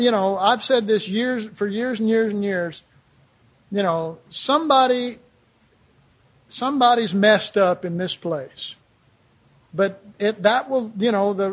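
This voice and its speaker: Guy preaching to his church, kinda high and husky, keeps asking "am i right or wrong". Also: moderate pace. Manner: conversational, rhetorical questions, frequent "you know". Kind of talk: sermon.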